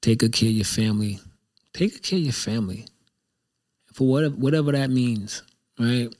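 A man's voice: medium pitch, moderate pace, darkish tone. A man hosting his own show, talking in a casual, reflective monologue that rambles and repeats itself candidly. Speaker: show host.

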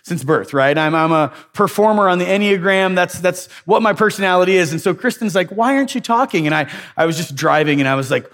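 A man's voice: sits high, brisk, hardly any pauses, a bit bright. Chatty man preaching a laid-back sermon. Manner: rambling, self-deprecating, many restarts. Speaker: pastor. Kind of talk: casual sermon storytelling.

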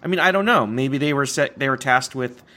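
Fairly quick and pushed, his bright, middling-pitched voice carries a casual chat podcast. The young host rambles, corrects himself mid-sentence and laughs often at his own stories.

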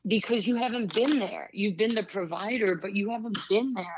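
A woman's voice: medium pitch, fairly quick, highs cut off, slight background noise. A woman in her sixties, a former pro basketball player and broadcaster, telling candid stories as an interview guest with lots of asides and restarts. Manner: animated storyteller, many asides and restarts. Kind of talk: candid storytelling conversation.

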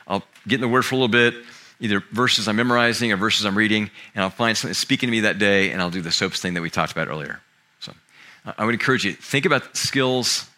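A man's voice: on the low side, pushed and bright. A middle-aged man preaching a sermon as pastor, talking in a conversational, self-deprecating way with asides and repeated starts.

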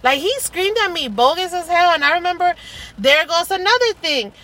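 High, bright-voiced woman telling frank stories. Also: expressive, normal speed, poor audio. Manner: candid, profane storytelling. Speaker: podcast co-host. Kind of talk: casual chat.

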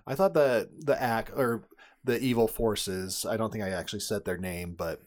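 A man's voice: on the low side, fairly even intonation, normal speed, a little mellow. A man co-hosting a casual podcast, summarizing a film plot with wry, sarcastic asides. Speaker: podcast co-host.

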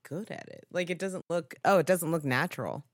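A woman's voice: on the low side, a little fast, no echo, clean studio sound. A woman co-hosting a podcast, making wry, sarcastic remarks and laughing often as she recaps a reality show. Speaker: podcast co-host.

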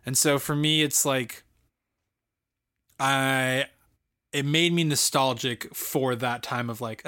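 A man's voice: medium pitch, steady tone, slow pace, long pauses, sharp tone. Man, late twenties, podcast co-host, casual film chat, enthusiastic, rambling. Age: late 20s. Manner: rambling, filler-heavy, enthusiastic.

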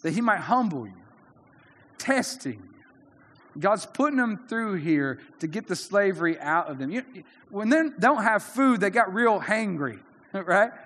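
Recorded in a large hall, a pastor preaches earnestly and conversationally, often restarting his sentences. His voice sits high, with a sing-song lilt, a measured pace and a fairly bright tone.

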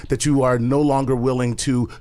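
A man's voice: medium pitch, moderate pace. A man hosting a casual comedy podcast, laughing easily and turning earnest on serious topics. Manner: animated, laughs often, turns earnest. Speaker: podcast host reading a listener letter.

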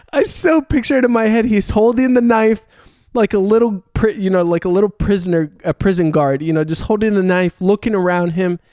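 A man's voice: sits high, darkish tone, dry recording, studio quality. A young man telling a long story in casual chat, swearing often and laughing as he goes.

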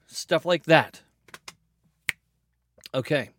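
A man hosting his own podcast solo, upbeat and rambling, with playful jumps in pitch and a chatty, energetic manner. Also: takes it slowly, long pauses, no echo. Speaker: podcast host.

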